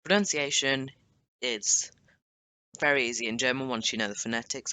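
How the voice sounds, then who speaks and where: A man's voice: mid-range voice, brisk, bright, forceful tone, clean tone, dry recording. A young man teaching a language lesson in a chatty, casual way, explaining with asides and self-corrections. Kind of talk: casual screen-share lesson.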